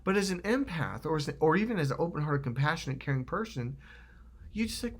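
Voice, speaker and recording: Middle-aged guy from norcal, fairly high voice, swings all over, cursing and animated. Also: quick pace. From Northern California. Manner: animated, swears freely, acts out other people's lines. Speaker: self-help vlogger. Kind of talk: casual motivational monologue.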